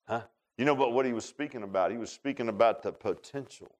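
A man preaching a sermon. He talks in an animated way and keeps asking the congregation short questions. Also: mid-range voice, fast talker. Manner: animated preaching with call-and-response asides. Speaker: pastor. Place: church sanctuary.

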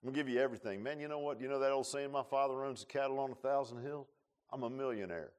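A male pastor preaching a sermon, repeating himself and swinging from quiet, confiding lines to loud, fervent peaks. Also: mid-range voice, fast, clear, resonant tone. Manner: repeats words and restarts, folksy asides.

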